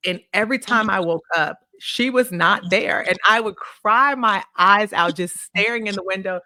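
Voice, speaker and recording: A woman guest on a podcast, telling personal stories in a casual, animated way and acting out remembered dialogue. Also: mid-range voice, normal speed, no room sound, clean studio sound. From Illinois, USA. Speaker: podcast guest, consulting firm CEO. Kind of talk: casual interview storytelling.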